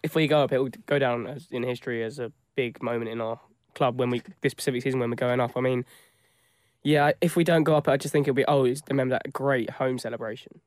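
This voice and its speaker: Fast-talking man on a football panel. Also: mid-range voice, fairly even intonation, darkish tone, no room sound. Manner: quick, repeats himself and restarts. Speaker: podcast panelist. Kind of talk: casual football podcast chat.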